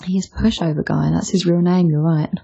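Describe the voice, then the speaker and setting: A woman co-hosting a podcast in relaxed casual chat, giving her opinions on a manga chapter. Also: on the low side, brisk, vocal fry, slightly rough, lo-fi sound. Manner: relaxed, opinionated, with fillers and restarts. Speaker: podcast co-host.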